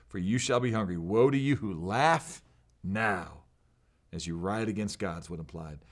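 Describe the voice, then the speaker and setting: A man teaching from scripture in an earnest, emphatic way, quoting verses. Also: fairly low pitch. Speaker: pastor. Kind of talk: preaching bible teaching.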